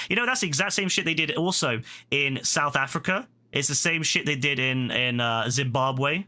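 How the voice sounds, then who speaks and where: A man's voice: medium pitch, moderate pace, bright, forceful tone. A British man livestreaming a game, ranting heatedly at a viewer in chat, profane and repetitive. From Britain. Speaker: gaming livestreamer. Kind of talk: angry rant at a chat viewer.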